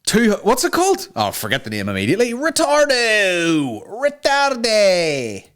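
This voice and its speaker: A man's voice: on the high side, huge pitch swings, fast talker, fairly bright tone. A man hosting a comedy podcast, ranting casually with lots of swearing and rambling asides. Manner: sweary, rambling, slips into mock voices. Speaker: podcast host.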